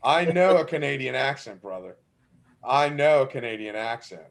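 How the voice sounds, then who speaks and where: A man hosting a live fishing show, chatting casually with loud, jokey, teasing banter. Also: mid-range voice, lively intonation, moderate pace, creaky. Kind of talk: casual live-stream chat.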